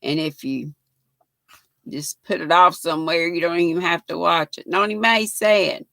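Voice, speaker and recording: A woman's voice: fairly low pitch, fairly even intonation, normal speed, vocal fry, fairly bright tone, no echo. An older woman, hosting a casual livestream, reading viewer comments aloud and thanking them often. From United States. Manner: chatty, thanks viewers often, laughs easily. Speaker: livestream host.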